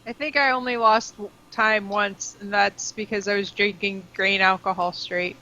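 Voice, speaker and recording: A woman's voice: medium pitch, fairly even intonation, normal speed, pushed and bright. A woman chatting casually and laughing often as she shares a college story. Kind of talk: casual chat. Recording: dull lo-fi recording.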